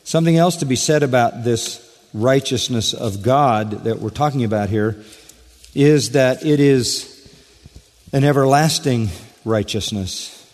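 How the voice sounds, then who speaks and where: A man delivers an expository sermon from the pulpit, repeating his key phrases and putting questions to the congregation. His voice climbs to emphatic high stresses and then sinks almost to a hush. It carries a long hall reverb, as if heard in a church sanctuary. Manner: emphatic, rising to high stresses then dropping to a hushed low. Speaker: pastor.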